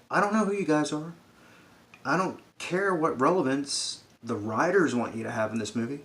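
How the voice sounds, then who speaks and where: A man's voice: medium pitch, animated, a little slow, bright, forceful tone. A man giving a sarcastic, profane comedic rant about a film, acting out characters' lines as he goes. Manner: sarcastic, swears a lot, acts out characters' lines.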